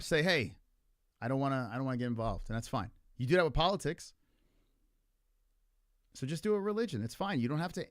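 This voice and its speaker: A man talks through a livestream in casual, argumentative chat, his pitch swinging up and down a lot. He rambles, swears freely and leans on filler words. His voice is dry and close, with no room sound. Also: no room sound. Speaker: livestream host.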